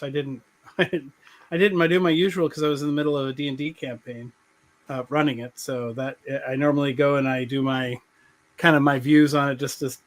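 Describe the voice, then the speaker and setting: Man, guest, raised pitch, halting, repeats words, fillers. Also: fairly bright tone. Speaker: regular guest, artist. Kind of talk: casual live-stream chat.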